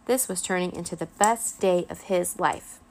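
A woman reading a children's chapter book aloud as a bedtime story, in a gentle, expressive way. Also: on the low side, normal speed, gravelly.

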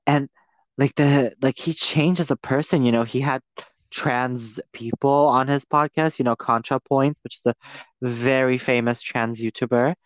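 A man's voice: mid-range voice, steady tone, moderate pace, dry recording. Profane ranting man, lo-fi sound. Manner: profane, ranting, rising to shouted anger. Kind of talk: casual heated commentary.

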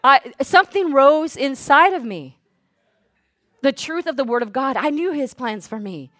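A woman pastor preaching a sermon. She swings from hushed asides to loud, fervent declarations. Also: high-pitched, expressive, unhurried, dry recording. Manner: speaks in tongues at full volume.

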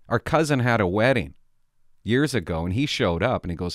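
A man's voice: fairly low pitch, animated, brisk, no room sound, clean studio sound. A middle-aged man vlogging, telling rambling stories in casual chat with many restarts.

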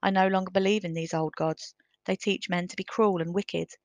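A woman's voice: fairly low pitch, steady tone, fairly quick, no echo, natural voice. A woman reading as a brave young lord. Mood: firm. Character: young male pagan lord, calm and brave.

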